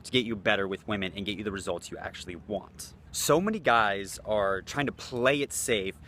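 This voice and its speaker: A man with a fairly low voice gives casual dating advice to camera. He talks in a loose, blunt way and swears freely. A faint hiss of room noise sits under his voice. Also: a little fast, fairly bright tone. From United States. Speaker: dating coach. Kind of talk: casual talking-head vlog.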